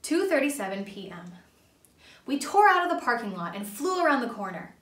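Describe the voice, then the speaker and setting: A woman reading a children's book aloud in an animated, expressive way, doing the story's voices. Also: fairly high pitch, fairly quick. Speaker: storybook reader. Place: church room. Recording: echoey room, mic far off.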